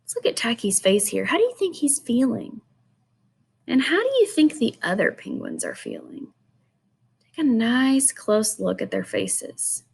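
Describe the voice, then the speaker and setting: A woman teacher reads a picture book aloud to children, pausing to ask them gentle questions. She speaks slowly, in a slightly high voice with a gravelly edge. Her pitch rises and falls a lot. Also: wildly swooping pitch.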